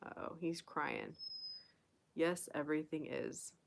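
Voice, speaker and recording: A woman's voice: deep voice, steady tone, takes it slowly, creaky. A young woman hosting a casual live Q&A stream, chatting and reading viewer comments aloud. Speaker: livestream host.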